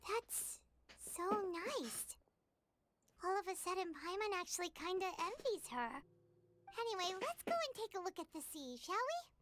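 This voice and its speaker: A tiny female fairy companion chatters away in a very high, squeaky voice. Her delivery bounces up and down in a lively sing-song. She is a chatty video game sidekick who refers to herself in the third person. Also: unhurried, slight background noise, full character voice. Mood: cheerful.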